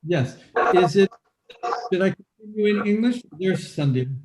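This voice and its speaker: A man with a slightly high voice speaks over a video call from an echoey room. He sounds polite and patient, stopping often to check whether the others can hear him. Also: expressive, a little slow, a little mellow. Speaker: webinar presenter. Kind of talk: live video call talk.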